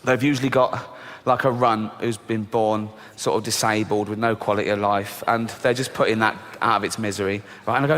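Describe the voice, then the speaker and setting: Deadpan man doing stand-up in a hall. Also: a little fast. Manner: deadpan, swearing, mimics squeaky child voices. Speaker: stand-up comedian. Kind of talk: stand-up comedy routine. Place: large theatre stage. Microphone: stage microphone. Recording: live show recording with long hall reverb and faint background noise. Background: live audience laughter.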